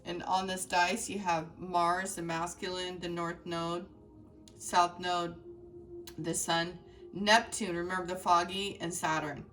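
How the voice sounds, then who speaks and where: A woman with a fairly low voice gives an earnest, emotional tarot reading, talking straight to her viewers and restarting her thoughts often. She sits a little back from the mic, and soft music plays faintly underneath. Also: flat delivery, slow, far from the mic. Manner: earnest and heartfelt, addresses viewers directly, many fillers and restarts. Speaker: tarot reader.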